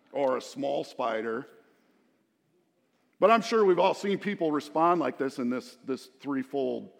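Storytelling preacher with long hall echo. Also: male voice, fairly high pitch, creaky. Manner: conversational, storytelling preacher with asides to the congregation. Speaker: pastor. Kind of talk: sermon.

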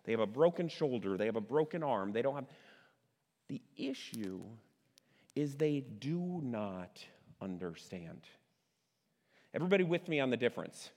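A middle-aged man preaching a sermon in a conversational way, asking his listeners questions and slowing down to stress key words. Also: mid-range voice, very animated, a little mellow. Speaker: pastor. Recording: long hall reverb.

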